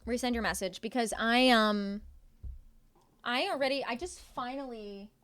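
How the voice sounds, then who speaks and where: A woman's voice: a little high, a little slow, a bit bright, clear, resonant tone. A young woman live streaming from home, chatting casually with her viewers and answering their chat with playful sarcasm.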